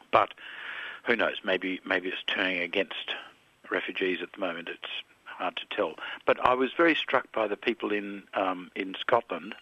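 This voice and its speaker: Older Aussie man, low crisp voice, dry dull radio sound, reflective guest. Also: no room sound. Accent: Australian. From Australia. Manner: thoughtful, with hesitations and restarts. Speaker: interview guest, filmmaker.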